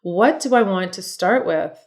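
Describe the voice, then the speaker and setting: A woman's voice: mid-range voice, lively intonation, a little slow. A middle-aged woman walks through her makeup routine in a loose, chatty way. She is a makeup artist who keeps encouraging her viewers, addressing them as ladies. Her voice sits close to the camera mic. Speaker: makeup artist and beauty vlogger. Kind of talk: casual makeup tutorial talk.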